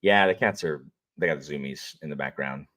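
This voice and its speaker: Chatty deep-voiced man streaming. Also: moderate pace, a bit bright. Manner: rambling, chatty, greets viewers, frequent fillers and restarts. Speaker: audiobook narrator and livestream host. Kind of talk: casual livestream chat.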